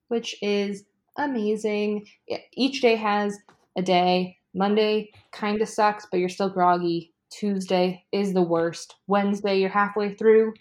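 Excitable swearing woman podcast host. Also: medium pitch. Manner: swears freely, excitable and rambling. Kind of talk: casual chat. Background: ice maker noise from a fridge.

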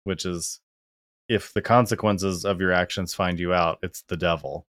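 A man's voice: sits low, steady tone, normal speed, a bit bright, dry recording, studio quality. A man co-hosting a podcast in a casual conversational chat, wry and rambling with many restarts. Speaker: podcast co-host.

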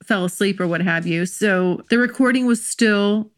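A woman hosting her own podcast in casual solo chat, excitable and rambling, laughing often, recorded at a home microphone. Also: medium pitch, normal speed. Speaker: podcast host. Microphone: desk microphone.

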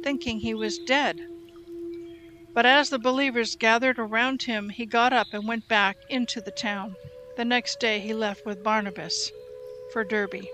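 A woman reading Bible passages aloud in a steady, measured way. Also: a little high. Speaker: Bible reader. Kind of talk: scripted scripture reading.

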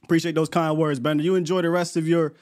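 A man's voice: fairly high pitch, flat delivery, quick pace, darkish tone. A man hosting a live podcast in casual chat, laid-back and slangy, often repeating words as he talks. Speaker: podcast host.

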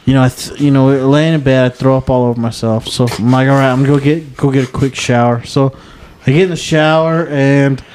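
A man's voice: medium pitch, fairly even intonation, brisk, a little mellow, slight background noise. A man telling a drunken story in a casual podcast chat, rambling and swearing constantly. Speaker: podcast co-host.

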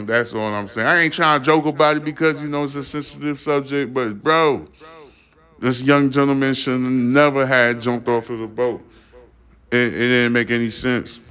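A man's voice: mid-range voice, fairly bright tone, clear, resonant tone. A man from the Caribbean with family from Haiti, giving a blunt, profane podcast commentary as host.

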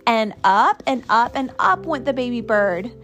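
A woman reading a picture book aloud to her child in an expressive, sing-song storytelling manner. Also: a little high, measured pace, soft background music.

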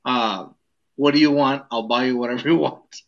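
A man's voice: medium pitch, steady tone, normal speed, lo-fi sound. A young man telling a story in casual chat, rambling and searching for words with many fillers. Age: young adult.

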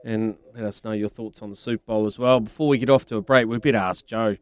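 A man's voice: lowish voice, steady tone, fast, dry recording. A man hosting a casual sports radio show, chatty and teasing, laughing often.

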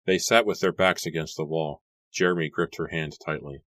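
A man narrating an audiobook in a measured storybook reading. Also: rumbling low, fairly even intonation, a bit bright, no echo.

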